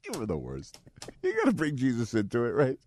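A man with a North Jersey accent hosts a morning radio show with a lively, swooping delivery. He talks theatrically and pitches products with great enthusiasm, and his studio mic sounds close and dry. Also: fairly quick, dry recording. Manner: animated, theatrical, plugs products. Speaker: radio talk show host.

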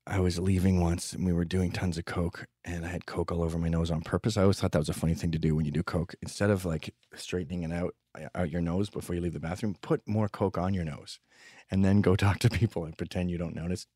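A man's voice: low-pitched, steady tone, brisk, dark tone, husky, dry recording, studio quality. A man telling rambling, profane stories with sardonic humor in a comedic monologue. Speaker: podcast host telling stories.

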